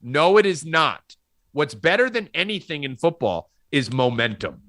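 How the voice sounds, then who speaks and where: A man's voice: high voice, no echo, clean studio sound. A man hosting a sports betting podcast, ranting and swearing about football decisions. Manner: profane, ranting, animated. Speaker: podcast host.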